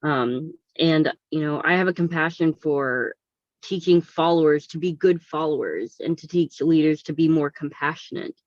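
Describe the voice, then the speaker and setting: A woman's voice: low-pitched, normal speed, dry recording, highs cut off. A woman co-author sharing her story on a video call, hesitant with many fillers and holding back tears. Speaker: book co-author.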